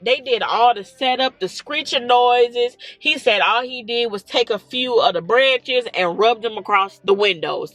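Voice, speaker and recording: A young woman telling a personal story in a casual vlog, talking straight to her viewers. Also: fairly high pitch. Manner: animated, talks straight to viewers with "y'all" and "okay?". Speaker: storytime vlogger.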